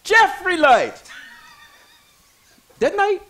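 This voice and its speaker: A man's voice: very high-pitched, very animated, very slow, bright, forceful tone, faint music behind. A man, hosting a talk show and ranting theatrically about politics. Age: 60s. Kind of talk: fiery political rant on talk radio.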